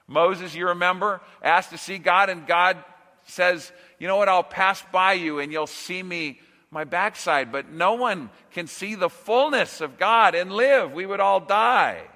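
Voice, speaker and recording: A man preaching a sermon as pastor, slow and emphatic, with dramatic pauses and rising swells of emphasis. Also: high voice, bright, forceful tone, long reverb tail.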